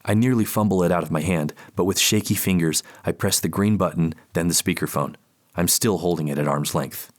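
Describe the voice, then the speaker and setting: A man's voice: low-pitched, fairly quick. A man narrating a first-person audiobook in a tense, panicked inner voice.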